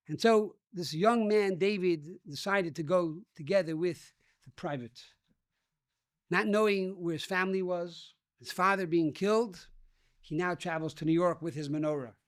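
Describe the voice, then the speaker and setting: A man's voice: high voice, normal speed, no echo, clean studio sound. A rabbi giving a sermon, telling a story and addressing his listeners as dear friends.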